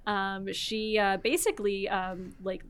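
A woman's voice: mid-range voice, fairly even intonation, measured pace. A woman hosting a podcast, chatting casually about a film with lots of fillers and the odd swear. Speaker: podcast host. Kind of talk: casual chat.

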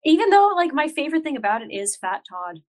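A woman in casual podcast chat, opinionated and pausing with fillers. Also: sits high, sing-song, a little mellow. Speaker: podcast co-host.

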